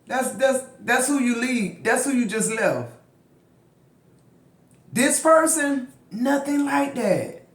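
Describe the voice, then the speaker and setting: Male tarot reader, very high pitch, slangy and foul-mouthed, preachy, echoey room. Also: lively intonation, slow pace, pauses often. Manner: slangy, profane, preachy, swings from murmuring to yelling. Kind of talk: casual tarot reading to camera.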